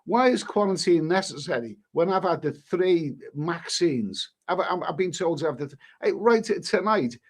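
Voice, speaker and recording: A man's voice: a little high, lively intonation, normal speed, hardly any pauses. Exasperated rambling man. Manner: rambling, exasperated, swears mildly. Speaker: travel vlogger reading live chat. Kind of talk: live-stream chat.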